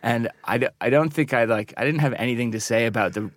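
Male engineer guest, mid pitch, meandering anecdotal delivery, dry close mic. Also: fast, no room sound. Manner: rambling anecdotes with laughs and restarts. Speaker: recording and mixing engineer, guest. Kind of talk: casual interview chat.

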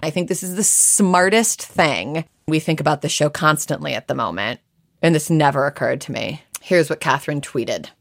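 An American woman co-hosts a podcast in lively casual chat. Her voice sits fairly low, and she reads listener notes aloud. The recording is dry and close. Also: moderate pace, creaky, no echo. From United States. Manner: animated, chatty, reads listener messages aloud. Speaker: podcast co-host.

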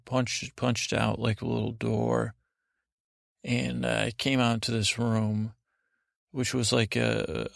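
A man hosting a podcast, telling a rambling, halting bedtime story in a gravelly voice. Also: mid-range voice, no room sound, studio quality. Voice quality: gravelly, creaky. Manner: meandering, halting, monotone delivery. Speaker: podcast host.

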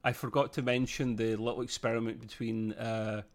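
A man co-hosting a podcast, reviewing a TV episode in lively casual chat, laughing often. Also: medium pitch, moderate pace. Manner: animated, laughs often, slips into mimicry. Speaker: podcast co-host.

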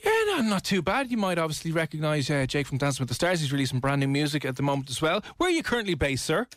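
A man's voice: a little high, sing-song, fast, fairly bright tone, dry recording. A man hosting a radio show, teasing and joking in casual chat. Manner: jokey, teasing. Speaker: radio host.

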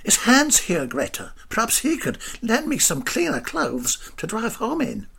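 A man voicing a flustered, clumsy middle-aged salesman who is polite but easily exasperated, in a raspy voice. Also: high voice, wildly swooping pitch, a little slow, fairly bright tone, voice pushed up, exaggerated voice. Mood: apologetic.

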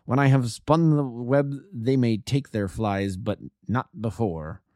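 A man reading the part of a grave, proud male detective, speaking low, quiet and measured with bitter resolve. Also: dry recording, studio quality, close to an everyday voice. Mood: determined.

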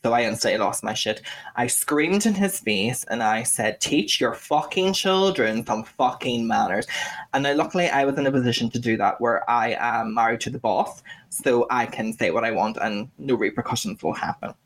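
A man with a Scouse accent, co-hosting a casual podcast and ranting freely. He talks bluntly and swears a lot, with a voice of middling pitch. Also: fairly quick. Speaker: podcast co-host.

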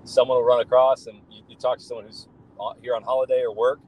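A man's voice: medium pitch, flat delivery, fast talker, a little mellow, a little hiss or hum, poor audio. A man speaking as a podcast guest, telling rambling, enthusiastic stories full of fillers and restarts. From United States. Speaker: guest, football fan. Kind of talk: casual podcast chat.

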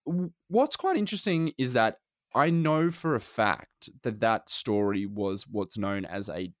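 A man chatting loosely on a podcast, his pitch rising and falling a lot. He rambles and restarts, padding his talk with fillers. The sound is dry and close. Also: lively intonation, unhurried, no echo. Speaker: podcast co-host. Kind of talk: casual chat.

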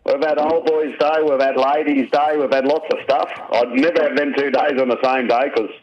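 A man's voice: medium pitch, fairly even intonation, moderate pace, slight background noise. Laid-back Australian man on a dull line. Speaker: phone-in guest. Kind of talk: casual banter. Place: lounge room at home.

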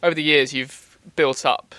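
A woman's voice: low voice, fairly even intonation, moderate pace, fairly bright tone, no room sound. A woman hosting an interview, asking questions and chiming in with short, encouraging replies. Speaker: interviewer host. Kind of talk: casual interview chat.

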